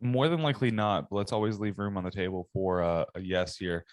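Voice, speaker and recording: A man co-hosting a casual fantasy football podcast, giving relaxed, measured takes. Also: low-pitched, dry recording. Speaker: podcast co-host. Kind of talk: casual sports podcast chat.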